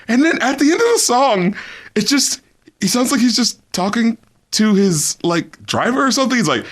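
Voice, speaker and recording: A man co-hosting a casual album review podcast, animated and laughing, mocking rappers with low mumbly impressions. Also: moderate pace, husky. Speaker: podcast co-host.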